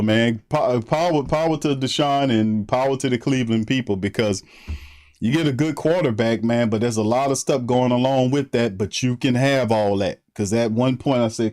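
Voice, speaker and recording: A man's voice: medium pitch, normal speed, a little mellow. A man hosting a sports livestream, greeting viewers by name in loose, slangy chat and laughing often. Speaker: sports podcast host.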